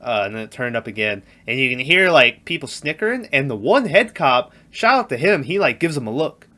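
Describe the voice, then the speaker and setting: A man chatting on a movie podcast, his voice bright and forward. He retells scenes with energy and jumps into quoted lines. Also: medium pitch, a little fast. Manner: animated, acts out quotes in raised voices. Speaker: podcast co-host. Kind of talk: casual movie chat.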